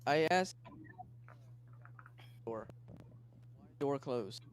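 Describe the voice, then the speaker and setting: A man's voice: mid-range voice, expressive, extremely slow, clean tone. Dry-humored man playing a tabletop game. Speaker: player.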